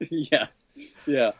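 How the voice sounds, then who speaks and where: Drawing out his words, a comedy writer being interviewed energetically recounts a story, laughing along, pitching his voice higher to play other people's lines, and saying "what the hell" again and again. The recording is dry, a bit dull and lo-fi, with no room sound.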